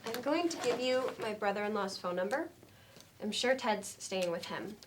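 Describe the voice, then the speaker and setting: An actress playing a bitter, suicidal middle-aged woman who speaks in a dry, deadpan way, hesitant with ums. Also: mid-range voice, normal speed, natural voice. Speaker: actor in a scene. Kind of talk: stage comedy scene. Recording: faint noise in a training studio.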